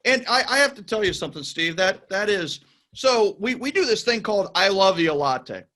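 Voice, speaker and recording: A man's voice: high-pitched, animated, moderate pace, pushed and bright. A man hosting a podcast interview, talking in an enthusiastic, emphatic way and repeating his points. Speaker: podcast host. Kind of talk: casual interview chat.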